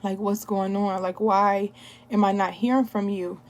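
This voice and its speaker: A young adult woman who sells wellness products records a candid personal testimony at home, repeating herself and speaking of prayer as she tells her story. Her mid-range voice is a little slow with little pitch movement.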